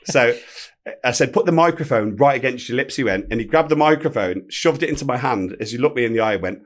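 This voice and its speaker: A man, telling a story as a podcast guest, animated and swearing freely. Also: medium pitch, quick pace. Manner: animated anecdote-telling, swears freely, acts out quoted speech. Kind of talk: casual storytelling.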